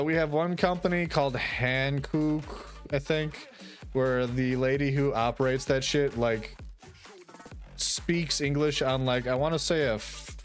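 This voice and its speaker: A man chatting casually on a stream, rambling with lots of fillers and swearing. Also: mid-range voice. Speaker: streamer and artist. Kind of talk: casual chat. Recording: faint music behind.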